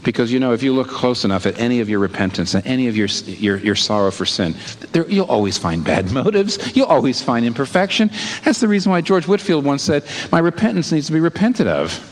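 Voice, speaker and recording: A man preaching a sermon, asking rhetorical questions and moving between hushed and emphatic moments. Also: medium pitch, lively intonation, brisk. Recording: long reverb with faint background noise.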